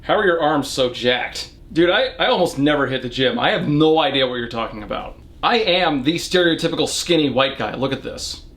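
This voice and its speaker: A young man with a fairly high voice reads out viewer questions one by one. He answers them in a relaxed, dry and wry way, like a reviewer chatting with his audience. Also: fairly quick, hardly any pauses. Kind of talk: casual Q&A monologue.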